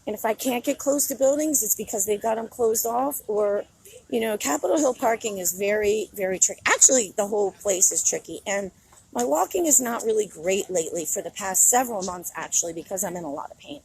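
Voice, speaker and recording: A woman's voice: medium pitch, animated, fairly quick, creaky, darkish tone, breathy edge, rough recording. A middle-aged woman on a casual outdoor phone livestream, talking candidly and rambling, often breaking into laughter. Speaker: vlogger. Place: outdoors in a city.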